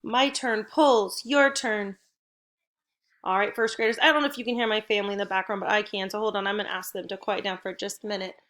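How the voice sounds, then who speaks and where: Speaking slowly and clearly so children can follow, this middle-aged woman delivers a recorded home lesson for first graders. She sounds upbeat and encouraging, with a mid-range, steady voice that's a bit bright.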